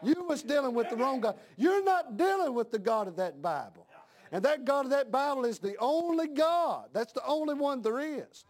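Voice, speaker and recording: A middle-aged man preaches in a church with a high, ringing voice. He hammers his points home by repeating lines and climbing into shouts, a pastor in full fire. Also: expressive, moderate pace. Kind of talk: fiery sermon.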